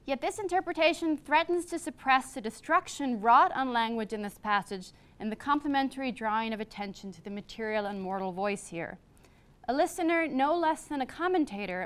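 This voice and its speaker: Clear-voiced woman lecturing. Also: fairly high pitch, a bit bright. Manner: measured, with brief asides. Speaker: classics professor giving a public lecture. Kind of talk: academic lecture, partly read from a script. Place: lecture hall.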